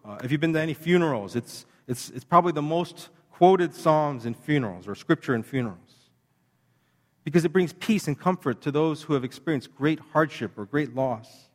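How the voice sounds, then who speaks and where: A man delivering a sermon with a somewhat high voice, talking earnestly and conversationally to his congregation. His words ring out with a long reverb, as in a large hall. He slows right down and leans on each phrase when he reads scripture. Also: lively intonation. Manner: earnest, conversational preaching with slow emphatic scripture reading. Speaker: pastor.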